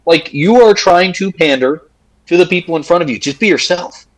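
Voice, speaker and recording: A man's voice: high-pitched, normal speed, rough recording. A man co-hosting a political podcast in casual chat, blunt and profane, repeating himself as he restarts. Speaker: podcast co-host.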